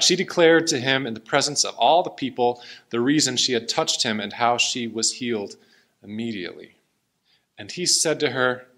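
A man's voice: mid-range voice, a bit bright. A man preaching a sermon and reading scripture aloud, in an earnest and emotional way. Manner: earnest, emotional, tearing up at times.

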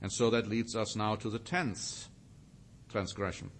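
A man teaching a sermon, reading scripture with rising emphasis and slowing down to stress single words. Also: on the low side, steady tone, slight background noise. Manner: reads scripture aloud with rising emphasis, then comments. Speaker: preacher.

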